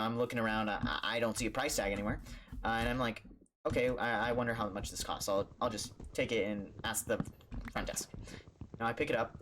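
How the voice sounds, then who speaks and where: A man who streams, telling a jokey story in a casual, animated way, stumbling over restarts and acting out the voices in his story. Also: mid-range voice, slight background noise. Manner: animated, jokey, with stammered restarts and acted-out quotes.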